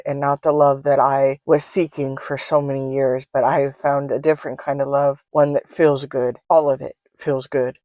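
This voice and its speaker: Candid, halting woman, dry close sound. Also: deep voice, dry recording. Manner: halting and candid, with frequent restarts and soft laughs. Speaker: podcast host. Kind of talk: reflective personal monologue. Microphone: own microphone, self-recorded.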